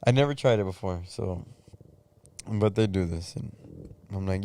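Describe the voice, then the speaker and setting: A man's voice: low voice, normal speed, warm tone, slight background noise. A young man co-hosting a podcast in casual chat, laid-back, laughing often and saying "dude" a lot. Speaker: podcast co-host.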